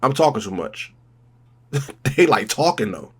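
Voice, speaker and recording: A man hosting a music reaction video, talking in an excitable, rambling way with drawn-out, emphatic exclamations. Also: mid-range voice, breathy edge. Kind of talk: casual music reaction commentary.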